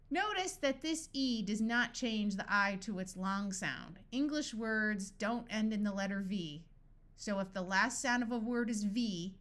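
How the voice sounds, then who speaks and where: A woman reading a scripted phonics lesson, sounding out words slowly and deliberately. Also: mid-range voice, pushed and bright. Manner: slow, deliberate word-by-word reading. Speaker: phonics tutor.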